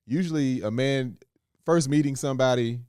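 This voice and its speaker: A man's voice: medium pitch, moderate pace, darkish tone, clean tone, no room sound, studio quality. Laid-back man chatting on a podcast. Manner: laid-back, laughs while acting out quotes. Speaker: podcast co-host. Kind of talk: casual chat.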